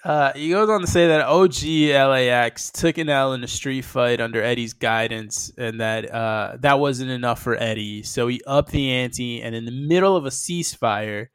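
A man's voice: mid-range voice, moderate pace, hardly any pauses, clear, resonant tone, dry recording, studio quality. A man co-hosting a podcast, talking casually and emphatically and swearing freely. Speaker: podcast co-host. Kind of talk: casual chat recapping wrestling.

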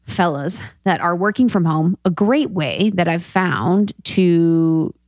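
A woman's voice: on the low side, slow pace, a little mellow, no room sound. A woman in her thirties co-hosting a podcast, chatting casually, swearing and laughing often. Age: 30s. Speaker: podcast co-host. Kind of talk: casual chat.

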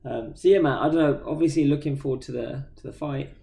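A man with a British accent co-hosting a podcast, telling stories in a casual, slangy, animated way. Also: mid-range voice, fast, creaky. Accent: British English. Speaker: podcast co-host. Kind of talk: casual chat.

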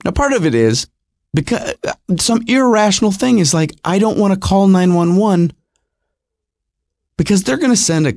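Lively man telling a personal story. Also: sits high, no room sound, studio quality. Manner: animated, repetitive, self-mocking.

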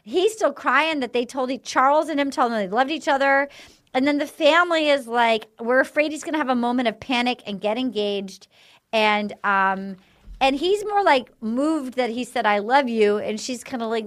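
A woman with a high, bright voice recaps a TV episode for a casual podcast. Her pitch swoops and jumps as she acts out bits of the dialogue, with lots of fillers. She is on a video call with a webcam mic. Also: moderate pace. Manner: animated retelling with quoted dialogue and fillers. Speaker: podcast host.

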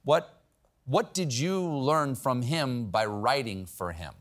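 A man's voice: mid-range voice, slow, a bit bright. Playful late-night host, a man. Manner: playful, joking interjections. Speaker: talk show host. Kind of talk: late-night talk show interview.

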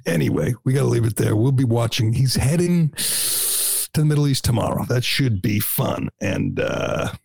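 A man's voice: medium pitch, normal speed, creaky, a little mellow, slightly rough, no room sound. A male host talking casually and wryly, laughing often. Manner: chatty, wry, laughs often. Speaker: show host. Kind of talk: casual political talk.

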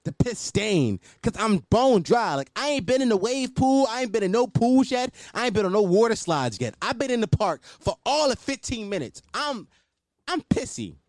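A man's voice: high voice, sing-song, moderate pace, no room sound, studio quality. A man hosting a podcast, telling a story in a casual, profane monologue and often laughing. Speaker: podcast host.

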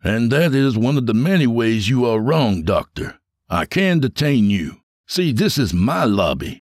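A man's voice: mid-range voice, big pitch swings, unhurried, no room sound, studio quality, voice pushed up. A man voicing a smug, menacing male security chief who mocks and orders people around. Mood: taunting. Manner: taunting, mocking, commanding. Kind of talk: audio drama narration.

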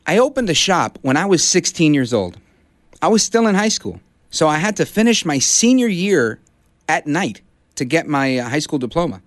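A middle-aged man from Brooklyn fills in as a talk radio host, rallying his listeners. His voice sits a little high and swings widely in pitch. The studio sound is dry and close. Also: sing-song, normal speed, no echo. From Brooklyn, New York. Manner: impassioned, rallying. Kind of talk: conservative talk radio monologue. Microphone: studio broadcast mic.

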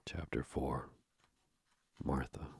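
Very deep, gravelly male audiobook narrator. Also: steady tone, takes it slowly, a little mellow.

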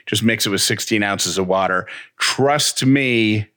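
A man's voice: fairly low pitch, unhurried, bright, forceful tone. A man, the show's host, reading a sponsor ad in an upbeat, conversational way. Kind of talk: host-read ad.

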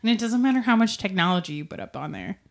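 Talking fast in a sing-song, medium-pitched voice with vocal fry, a young podcast host discusses a book casually at the mic. She laughs a lot and does mocking impressions of the characters.

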